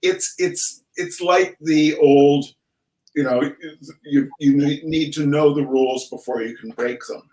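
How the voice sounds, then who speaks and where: A man's voice: a little high, steady tone, measured pace, mellow, echoey room, poor audio. A man hosting a casual art talk, chatty and restarting his sentences with repeated words. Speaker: podcast host.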